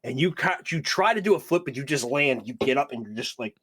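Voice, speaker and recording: A man's voice: mid-range voice, expressive, fast, background noise. Casual, profane game master man. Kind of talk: narrating a tabletop game.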